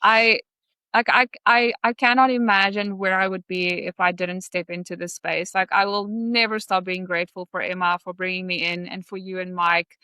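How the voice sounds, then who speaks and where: A woman on a podcast, gushing and grateful as she talks, full of fillers. Her voice is bright and crisp, and the recording is close and dry. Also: fairly low pitch, steady tone, normal speed, no room sound. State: emotional. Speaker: podcast guest. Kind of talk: casual interview conversation.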